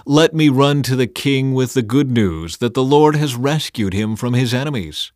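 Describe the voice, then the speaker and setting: A man's voice: mid-range voice, expressive, moderate pace, a little mellow, no echo, studio quality, close to an everyday voice. A man reading an eager young messenger. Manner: pleading, eager.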